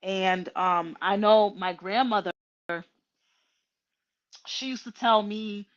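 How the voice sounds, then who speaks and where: Woman, host, slow, halting, emotional, muffled lo-fi sound. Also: medium pitch. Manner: slow and halting, many ums and restarts; tearful and emotional. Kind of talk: casual heartfelt livestream talk.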